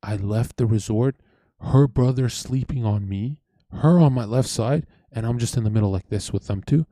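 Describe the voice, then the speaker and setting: Dark-voiced profane Canadian man telling stories. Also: medium pitch, normal speed, no room sound. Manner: animated, profane, acts out quoted voices. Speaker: streamer host. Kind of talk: casual storytelling chat.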